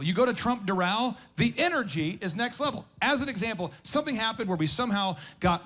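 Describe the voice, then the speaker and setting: A man's voice: sits high, a bit bright. A man hosting a live business workshop, telling stories in a chatty way with stumbling restarts. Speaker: host and business coach.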